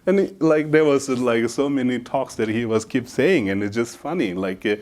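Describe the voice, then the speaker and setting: A man's voice: mid-range voice, normal speed, a little mellow. A man giving a Buddhist dharma talk to an audience, telling stories in an easygoing, humorous way with many casual fillers. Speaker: Buddhist teacher.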